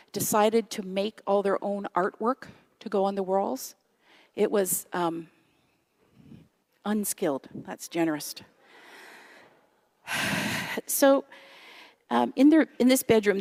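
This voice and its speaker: A woman in her fifties preaches in a church in a relaxed, chatty way. Her voice has a gravelly edge, and she keeps turning to the congregation with little questions. She pokes fun at herself as she talks. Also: mid-range voice. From Canada. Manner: chatty, self-deprecating, asks the audience questions. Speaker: guest speaker. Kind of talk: conversational sermon. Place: church sanctuary.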